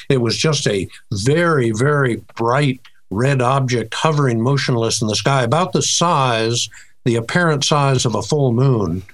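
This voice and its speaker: Older American man, interview guest, measured and precise with frequent fillers, mid-range voice. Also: medium pitch. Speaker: director of a UFO reporting center, interview guest. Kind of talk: recounting a sighting in an interview.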